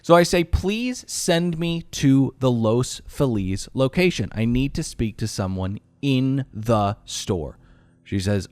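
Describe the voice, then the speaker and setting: A man's voice: mid-range voice, animated, slow, darkish tone, no room sound. A man co-hosting a podcast, telling a story in a casual, exasperated way and swearing freely. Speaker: podcast co-host.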